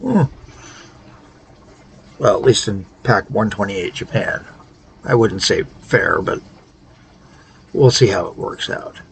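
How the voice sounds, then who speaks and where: A tired man hosting a casual game tutorial, thinking aloud in a halting, low-key way. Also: expressive, creaky, a little hiss or hum, rough recording. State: tired, worn out. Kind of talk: casual gameplay tutorial commentary.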